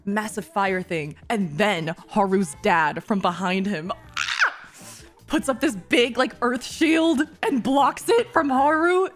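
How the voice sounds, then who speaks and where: A woman's voice: medium pitch, lively intonation, slow, faint music behind. Gushing, giggly streamer woman with swearing. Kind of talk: casual chat while reacting to a show.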